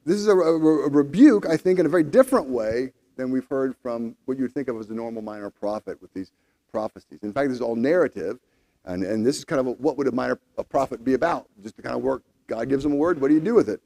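A man's voice: medium pitch, fast, gravelly, warm tone. A man leading a Bible study, explaining the text conversationally before reading scripture aloud.

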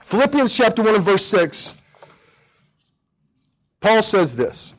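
A pastor preaching a sermon, talking straight to the congregation and to the children, in a lively, animated way. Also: male voice, high voice, slow pace, long pauses, highs cut off. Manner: animated, speaks directly to children.

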